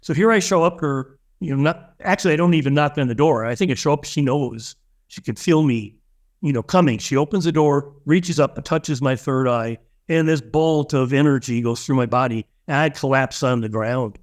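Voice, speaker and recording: A man's voice: medium pitch, normal speed. A man, a spiritual teacher, telling a personal story as an interview guest, earnest and emotional, often restarting his sentences.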